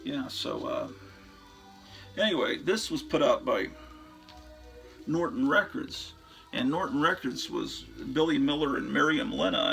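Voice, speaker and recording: A man's voice: medium pitch, gravelly, a bit bright. A man hosting a show, chatting casually and enthusiastically about his record collection in a rambling way, often trailing off into fillers.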